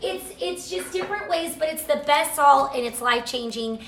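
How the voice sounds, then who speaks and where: A woman hosting a live cooking chat from her home kitchen, gushing excitedly and reading out viewer comments to her camera. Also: sits high, normal speed, hardly any pauses, echoey room. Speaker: cooking show host selling products. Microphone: camera mic, moves off camera at times.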